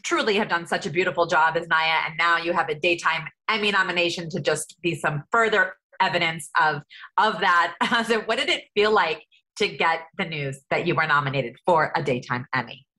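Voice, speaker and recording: A woman with a low, bright, forceful voice puts questions to a guest. She sounds admiring and keeps the chat casual. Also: moderate pace. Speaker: interviewer.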